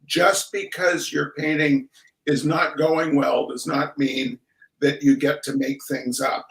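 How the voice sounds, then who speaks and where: A man's voice: a little high, level tone, slow, vocal fry, a bit bright, reverberant, low-quality recording. A man hosting a casual art talk, chatty and restarting his sentences with repeated words. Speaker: podcast host.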